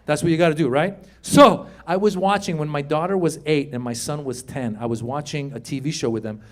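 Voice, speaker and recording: A middle-aged man doing a stand-up comedy set, telling stories with animated delivery and squeaky put-on voices. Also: a little fast. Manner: animated storytelling, acts out high squeaky voices. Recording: live stage mic, audience laughter. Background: audience laughter and room ambience.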